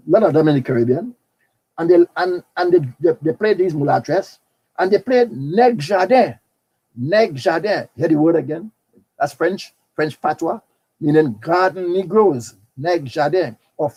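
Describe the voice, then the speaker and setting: A man's voice: a little high, darkish tone, slightly rough, low-quality recording. An older man with a Trinidadian accent lecturing on carnival history, telling it with animation, breaking into snatches of calypso song and often repeating words. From Trinidad and Tobago.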